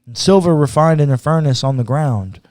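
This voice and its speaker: A pastor teaches on scripture in a podcast conversation, casual yet earnest, now and then slipping into acted lines as God might say them. His voice is on the high side, fairly quick, with a darkish tone, and the recording is dry.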